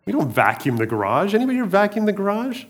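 A middle-aged male pastor with a high, sing-song voice talks fast as he gives a casual sermon. He speaks conversationally, often repeating words, starting over, and adding jokes.

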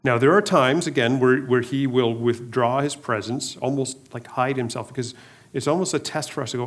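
The pastor, a middle-aged man with a mid-range voice, speaks at normal speed through a casual sermon. His conversational style includes frequent restarts, repeated words, and joking asides.

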